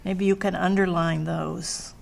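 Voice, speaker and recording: A woman's voice: fairly low pitch, steady tone. A woman working as an adult literacy tutor, speaking patiently with encouraging praise and careful explanations. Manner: patient, warm praise, slow clear explanations.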